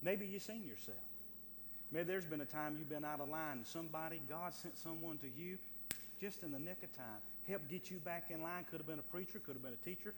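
A male pastor preaching a sermon in a church, emphatic and repetitive, swinging from loud urging to soft pleading. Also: fairly high pitch, long reverb tail, slight background noise. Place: church sanctuary.

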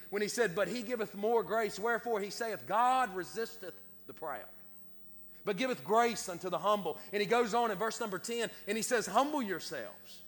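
A man's voice: sits high, a bit bright, in a large hall. A man preaching a sermon, speaking conversationally and often asking "right?". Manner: conversational, repeats words, asks "right?" often. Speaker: guest preacher. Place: church sanctuary.

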